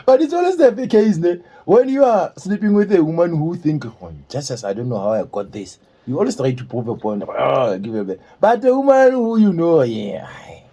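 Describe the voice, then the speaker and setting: A man's voice: on the high side, very animated, moderate pace, warm tone. A man co-hosting a podcast, bantering boisterously and laughing often in casual chat. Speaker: podcast co-host.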